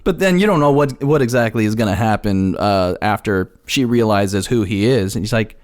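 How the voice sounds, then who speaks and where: A man's voice: on the low side, lively intonation, normal speed, darkish tone. A man co-hosting a podcast, recapping a movie in casual chat and acting out quotes with lots of laughter. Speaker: podcast co-host.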